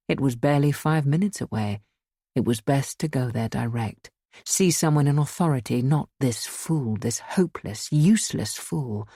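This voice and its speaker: A woman's voice: deep voice, warm tone, slightly rough, no room sound, studio quality. A woman reading a horror story aloud as an audiobook narrator, giving the figures their own voices.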